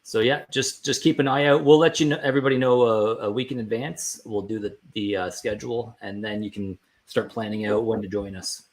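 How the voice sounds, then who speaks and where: A man's voice: on the low side, flat delivery, fairly quick, hardly any pauses. Chatty man on a team livestream. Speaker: team member. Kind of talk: casual livestream chat.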